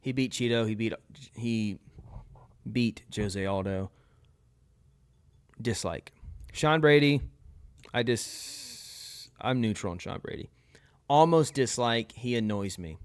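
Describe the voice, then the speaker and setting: Speaking fast in a low, smooth voice, a young man hosts a tier list video as casual commentary. He fires off blunt, opinionated verdicts one after another with no hedging.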